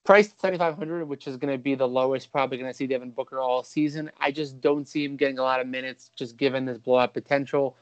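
A man hosting a fantasy basketball podcast, talking casually and quickly with a few restarts. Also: medium pitch, fairly even intonation, no room sound, muffled recording. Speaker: podcast host.

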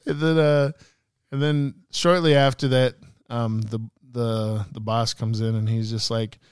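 A man's voice: medium pitch, flat delivery, measured pace, clean tone, dry recording, clean studio sound. A young man on a podcast telling a story in casual chat, acting out the people he quotes. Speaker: podcast guest.

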